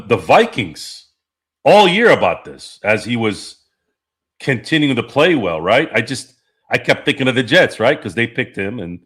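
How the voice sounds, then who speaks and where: Medium in pitch with a slightly bright, breathy edge, the man hosts a laid-back sports talk stream. He meanders, swears and laughs a lot as he goes through the chat.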